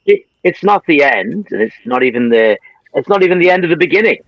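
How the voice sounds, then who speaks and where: A man joining a talk show by video call, chatting casually and quick to joke. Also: on the high side, animated, no echo. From New Zealand. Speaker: call-in guest. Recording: dull lo-fi internet call.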